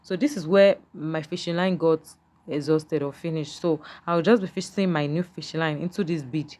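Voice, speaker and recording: Low-voiced woman teaching a beading craft. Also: moderate pace, darkish tone. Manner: patient, repetitive, checks in with "can you see?". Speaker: beading tutor. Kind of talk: step-by-step craft tutorial.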